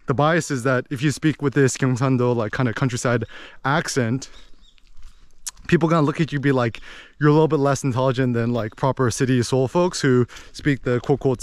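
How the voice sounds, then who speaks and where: An American man talking in a rambling, animated way as he vlogs outdoors in a village, with lots of fillers. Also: mid-range voice, no room sound. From United States. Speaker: vlogger. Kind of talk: casual walking vlog monologue.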